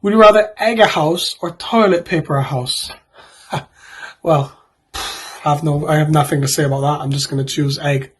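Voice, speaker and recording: A man's voice: fairly high pitch, steady tone, brisk, husky. A man in his twenties, a YouTuber, reading out would-you-rather questions and answering them in a rambling, joking way with offhand asides.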